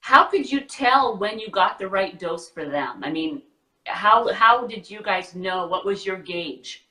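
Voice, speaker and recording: A woman's voice: medium pitch, expressive, measured pace, pushed and bright, echoey room. Gushing teary woman on a distant mic. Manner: gushing, effusive. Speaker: interviewer. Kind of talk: casual interview.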